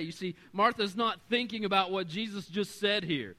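A man in his thirties preaching a sermon, animated, swinging between loud and quiet and acting out the voices he quotes. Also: sits high, normal speed, few pauses. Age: 30s. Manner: acts out quoted voices in conversational storytelling. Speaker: pastor.

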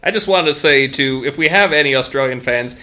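A man running a tabletop role-playing game, narrating scenes in a playful, casual way with many fillers. His voice sits at a medium pitch. Faint music plays underneath. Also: brisk, bright, forceful tone. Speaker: game master.

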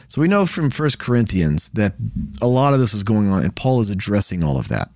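A man's voice: fairly low pitch, very animated, brisk, darkish tone, no echo, clean studio sound. A man hosting a Bible study, teaching in a conversational way and often restarting phrases as he explains. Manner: conversational, restarts and repeats words while explaining.

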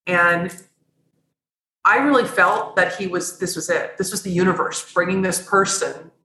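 A woman's voice: on the low side, sharp tone, echoey room, poor audio. A woman guest on a podcast, telling her own story candidly and earnestly, often restarting her sentences. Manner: earnest, rambling, frequent restarts.

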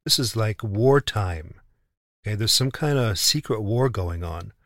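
A man's voice: lowish voice, expressive, unhurried, a bit bright, no echo, clean studio sound. A man telling a travel story in casual chat, indignant, often repeating and restarting words.

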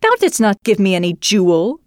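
A woman putting on a shrill haughty false bride. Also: very animated, fairly quick, dry recording, clean studio sound, close to an everyday voice. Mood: indignant.

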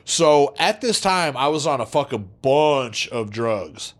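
A man's voice: medium pitch, slow. A man telling a story from his own past on a podcast, casual and heavy on swearing. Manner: profane, animated, swears constantly. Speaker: podcast co-host.

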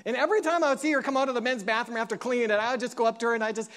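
A pastor preaches a sermon, animatedly telling stories and acting out quotes with big jumps in pitch. For emotional moments he drops into a soft, slow delivery.

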